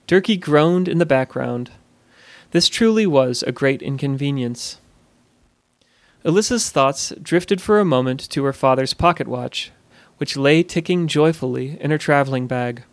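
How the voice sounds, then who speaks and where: A man telling a fantasy story in a measured, steady narrating voice. His pitch sits a little higher than most men, and the recording is dry and close, with no room sound. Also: no echo. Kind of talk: scripted narration.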